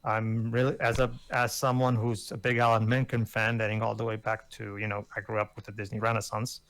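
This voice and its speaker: A man's voice: on the low side, level tone, a little fast, fairly bright tone, no room sound. A man in his thirties co-hosting a casual review podcast, rambling with many fillers and restarts. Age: 30s. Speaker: podcast co-host.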